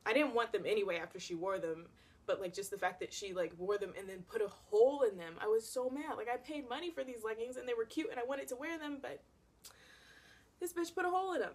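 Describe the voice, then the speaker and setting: A woman's voice: a little high, fast talker, breathy edge. A young woman vlogger telling a personal story in a dramatic, casual way, with lots of "like". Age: young adult. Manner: animated and dramatic, heavy use of "like".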